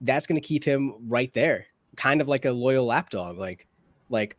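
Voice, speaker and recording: A man's voice: mid-range voice, expressive, measured pace, dry recording. A man co-hosting a reaction show, talking casually and thinking aloud with lots of hedges and restarts. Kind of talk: casual discussion.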